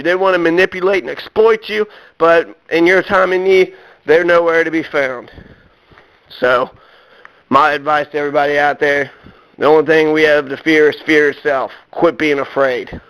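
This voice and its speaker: A man's voice: fairly high pitch, fairly even intonation, moderate pace, a bit bright, low-quality recording. A man delivering a personal rant to his viewers, blunt and profane, stumbling over fillers and restarts as he works himself up. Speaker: vlogger.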